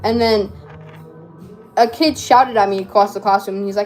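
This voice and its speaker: A woman's voice: mid-range voice, fairly even intonation, normal speed, pauses often, faint music behind. A teenage girl telling a rambling, slangy story while crafting, with lots of fillers and laughs. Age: teens. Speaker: vlogger.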